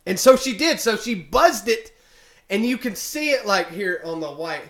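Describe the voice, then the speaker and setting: A man's voice: high-pitched, lively intonation, moderate pace, fairly bright tone. A young man telling a story to camera in a rambling, casual way, full of fillers. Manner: rambling, filler-heavy retelling of a complaint. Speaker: vlogger. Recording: echoey room.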